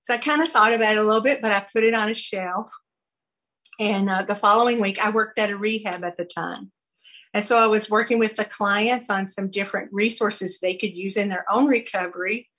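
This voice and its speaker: A woman giving a personal recovery testimony, earnest and halting, with many fillers and restarts. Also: medium pitch, fairly bright tone, poor audio. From American South. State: briefly choked up. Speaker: recovery program speaker sharing her story.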